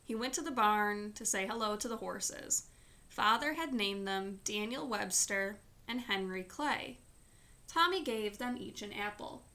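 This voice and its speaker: Female storyteller, slow unhurried read-aloud, bright tone. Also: medium pitch, expressive. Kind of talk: read-aloud of a children's book.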